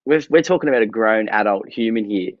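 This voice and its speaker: A man's voice: fairly low pitch, brisk, no room sound, highs cut off. A young man, a lifeguard guest, chatting casually, laid-back and joking with frequent laughs. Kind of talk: casual interview chat.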